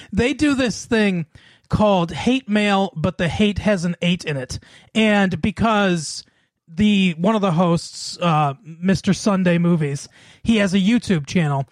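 A man's voice: sits high, dry recording. A man co-hosting a casual comedy podcast, laughing often as he quizzes his co-host.

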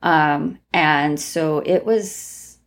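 A woman's voice: deep voice, drawn-out words. A woman guest on a podcast interview, telling a long story in a rambling way with many restarts. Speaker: guest, tarot reader and former crime analyst.

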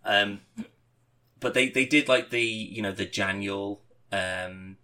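A man, a podcast co-host, chatting casually and telling a rambling, animated story with swearing and laughter. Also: lowish voice, slow. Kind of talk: casual chat.

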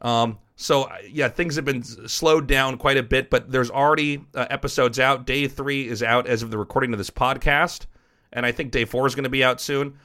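A man's voice: mid-range voice, steady tone, moderate pace, pushed and bright. A man hosting a podcast, telling a personal story in a frank, rambling way and swearing casually. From United States. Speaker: podcast host and esports caster.

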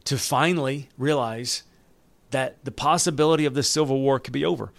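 A man's voice: medium pitch, normal speed, gravelly, dry recording. A man preaching a sermon, reading scripture aloud and breaking in with joking asides. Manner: animated, joking asides with laughs. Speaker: pastor.

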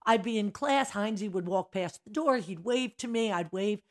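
A woman's voice: mid-range voice, moderate pace. An older woman, a dance studio owner, telling stories in a casual chat and acting out the scenes. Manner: animated, acts out scenes with big gestures. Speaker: guest, mother of the hosts.

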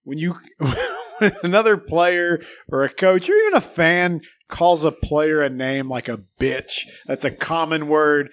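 A man's voice: on the high side, animated, measured pace, hardly any pauses, a bit bright, no echo. A man hosting a casual sports podcast, rambling and laughing often. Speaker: podcast host.

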